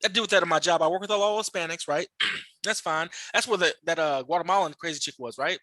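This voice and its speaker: A man's voice: on the high side, fast talker, bright, forceful tone, dry recording. A man hosting a podcast, telling rambling, profane stories in casual chat, with frequent restarts and fillers. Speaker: podcast host interviewing a guest.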